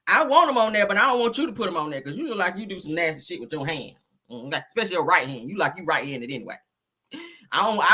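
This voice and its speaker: A woman hosting a live-stream, giving casual gossip commentary with profane, animated talk and frequent laughter. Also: lowish voice.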